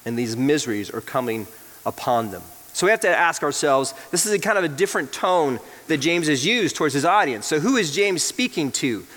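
A man's voice: on the high side, a bit bright, in a large hall. A male pastor preaching a sermon, reading scripture aloud and explaining it verse by verse.

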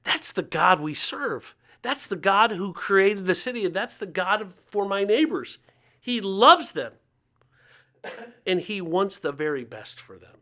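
A man's voice: high-pitched, big pitch swings, unhurried, sharp tone. A man in his fifties from Ohio, a guest telling stories in a conversational interview and acting out the voices of the people he quotes. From Ohio, United States. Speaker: guest speaker on faith and poverty.

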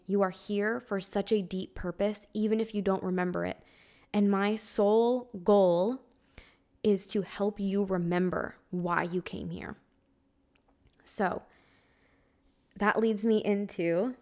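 A young woman hosting a spiritual podcast in a casual monologue. She speaks earnestly and conversationally, with lots of "like" and the odd swear word, and she is emotional, close to tears. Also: mid-range voice. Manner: earnest, conversational, heavy use of "like", occasional swearing. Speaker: podcast host.

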